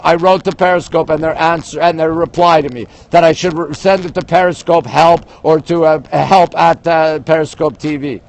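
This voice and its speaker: Live-streaming from a big city street at dawn, an older man from Montreal talks directly to viewers, ranting casually and reading out their comments. His voice runs on the high side, and the phone audio is poor.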